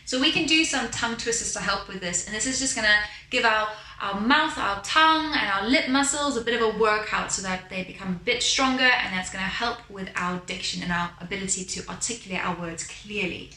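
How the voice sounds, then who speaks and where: A woman's voice: mid-range voice, fairly quick, few pauses, bright, forceful tone. A woman as a vocal coach leading a beginner singing lesson, demonstrating exercises and overpronouncing her words. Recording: roomy with piano behind.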